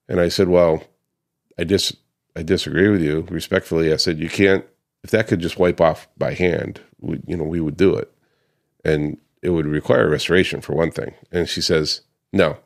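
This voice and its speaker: A man's voice: low-pitched, gravelly. A man who runs a paver restoration business, casually recounting a client dispute, slipping into the voices of the people he quotes, with plenty of ums and restarts. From United States. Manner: conversational, acts out quoted customers, frequent ums and restarts. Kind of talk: casual storytelling to camera.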